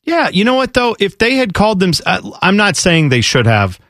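A man co-hosting a sports radio show, bantering, ranting fast and reading quiz questions. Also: high voice, no room sound, studio quality. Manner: animated, ranting, fast asides. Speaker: radio co-host.

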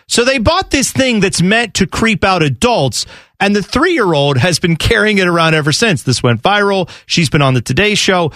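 A man's voice: high voice, very animated, moderate pace, a bit bright, dry recording, clean studio sound. A man hosting a sports talk radio show, telling stories in a wry, joking, casual way. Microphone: studio microphone.

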